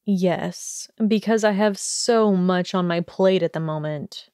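A haughty young wizard who snaps cold, snide remarks, read out by a woman. He talks at an unhurried pace. The audiobook recording is dry and close. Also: fairly low pitch, steady tone, a little mellow, smooth, dry recording, lightly acted. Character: sneering arrogant young wizard man.

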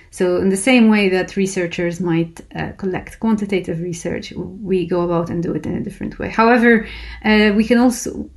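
A woman lecturer explaining a research method, talking hesitantly with many fillers and restarts. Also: on the low side. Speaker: university lecturer. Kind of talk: recorded lecture.

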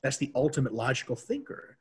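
A man talking as a podcast guest in casual chat, animated and jokey, with lots of profanity. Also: medium pitch, a little fast, breathy edge.

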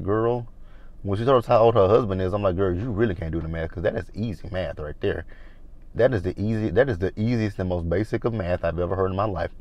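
A man's voice: lowish voice, darkish tone, lo-fi sound. A man from the American South giving a chatty, blunt review of a reality TV episode, acting out the cast in quotes. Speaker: reality TV recap vlogger.

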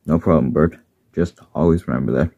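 A man's voice: a bass voice, brisk, gravelly, dark tone, slightly rough, no room sound, exaggerated voice. A man voicing a supportive male train engine in a plain, reassuring way. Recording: dull lo-fi recording.

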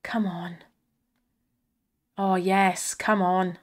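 An excitable woman commenting on slot spins and cheering the reels on, her voice strained from shouting. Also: lowish voice, extremely slow. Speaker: slot streamer.

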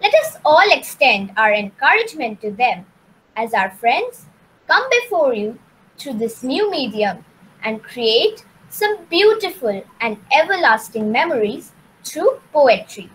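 A woman's voice: sits high, measured pace, a little hiss or hum, poor audio. A woman with an Indian English accent hosting a school poetry event online, announcing contestants formally. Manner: warm formal announcing with lively intonation. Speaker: event host introducing contestants.

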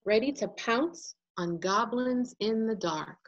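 A woman reads a children's storybook aloud in an unhurried, gently expressive way. Her voice swings up and down with lively melody. The recording sounds a little dull and lo-fi. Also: a little high, a little hiss or hum. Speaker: picture book illustrator reading aloud.

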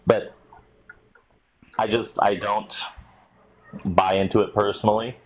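A man's voice: lowish voice, level tone, slow pace, poor audio. A man hosting a casual podcast debate, skeptical and argumentative. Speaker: podcast host.

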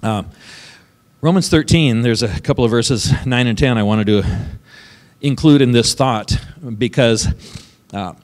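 A man's voice: medium pitch, measured pace, a little mellow, in a large hall. A man preaching a sermon as pastor, talking conversationally and often checking in with "right?" between points. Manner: conversational, keeps asking "right?" and chuckling. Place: church sanctuary.

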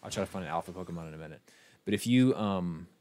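A man giving casual, profane and excitable commentary while streaming a video game, often restarting his sentences. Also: sits low, quick pace. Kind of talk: casual let's-play commentary.

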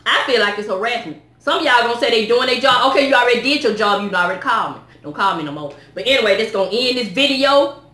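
A woman vlogging in a casual, exasperated rant, talking in a lively, colloquial way. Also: fairly high pitch, quick pace, echoey room. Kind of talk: casual ranting vlog.

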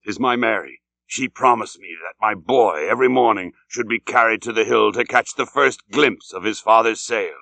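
A man's voice: on the low side, moderate pace, vocal fry, hardly any pauses, pushed and bright, no room sound, heavily acted. A man reading the part of an obsessed old whaling captain, grim and weighty, swinging from bellowed orders to weary murmurs. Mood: brooding.

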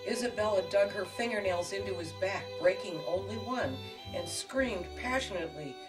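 A woman hosting a cooking show, narrating a spoof romance and explaining a recipe with a deadpan, tongue-in-cheek manner. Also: medium pitch, moderate pace. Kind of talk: mock-dramatic romance narration and cooking demonstration. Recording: distant mic with music behind.

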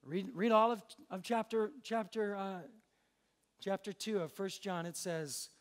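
High-voiced young pastor, joking and conversational. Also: male voice, unhurried. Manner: conversational, joking, acts out little dialogues. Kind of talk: sermon.

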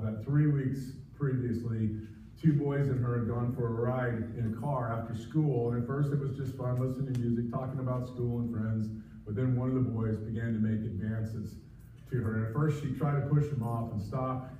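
A male pastor delivers a sermon in an easy, conversational way, with frequent small pauses and fillers. His voice is mellow and mid-pitched, picked up from a distance in a very echoey church. The livestream sound is dull, with faint room noise behind him. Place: church sanctuary.

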